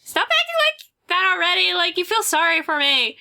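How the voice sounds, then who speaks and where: A hurt, bitter teenage heroine who spits out resentful accusations, read by a woman. Her voice is very high and bright, with a lively rise and fall, in an amateur let's-play reading. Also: moderate pace, creaky, full character voice.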